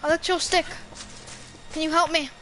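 Very high-voiced excitable woman gamer. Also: slight background noise. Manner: excitable, quick bursts of protest and laughter. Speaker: streamer. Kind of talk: casual gaming chat.

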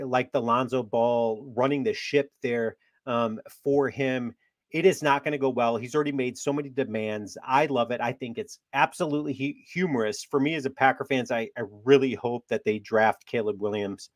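A man's voice: mid-range voice, fairly even intonation, moderate pace, no echo, studio quality. Amused man mocking a rival team. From Wisconsin. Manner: mocking, amused, trash-talking. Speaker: sports talk host. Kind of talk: casual sports commentary.

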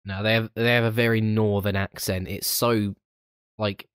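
A young man chats about films on a podcast, his voice sitting on the low side. He swears freely and laughs easily as he talks. The sound is close and dry, with no room around it. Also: normal speed, smooth, dry recording. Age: 20s. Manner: swears freely, laughs often, animated retelling. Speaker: podcast co-host. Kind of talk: casual film review chat.

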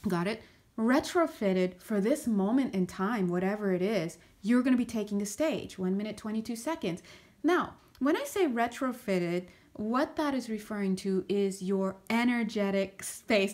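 A woman doing a casual spiritual reading to camera, out of breath, chatty and searching for words with frequent restarts. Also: a little high. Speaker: astrology and tarot reader.

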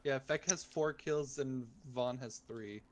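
A man's voice: medium pitch, takes it slowly. A man chatting casually with friends while gaming, easygoing and explaining how things work. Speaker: gamer on a group stream.

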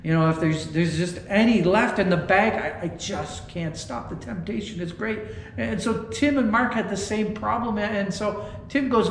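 A man's voice: high-pitched, moderate pace, slight background noise. A man preaching an online sermon in a folksy, conversational way, often repeating words. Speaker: pastor. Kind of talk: sermon with storytelling. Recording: echoey room.

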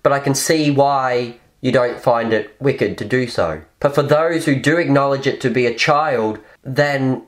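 A man's voice: mid-range voice, measured pace, few pauses. A man hosting a religious podcast, talking alone in an earnest, preachy way and repeating phrases for emphasis. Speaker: podcast host. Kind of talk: impassioned religious monologue.

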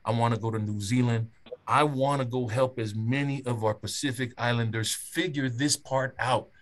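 A man's voice: mid-range voice, steady tone, moderate pace. A middle-aged man from Samoa, a guest speaker giving a candid personal testimony in a group session and often stumbling and repeating words.

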